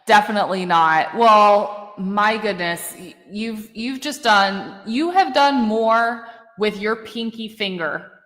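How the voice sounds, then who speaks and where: Woman host, casual true-crime chat, unhurried delivery, blunt and effusive, long room reverb. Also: medium pitch, fairly bright tone. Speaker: podcast host.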